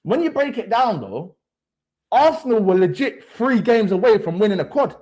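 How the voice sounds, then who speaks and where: A man's voice: high-pitched, very animated, moderate pace, a little mellow. A young man hosting a livestream, ranting brashly about football with swaggering street slang. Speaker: livestream host. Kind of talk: heated fan rant.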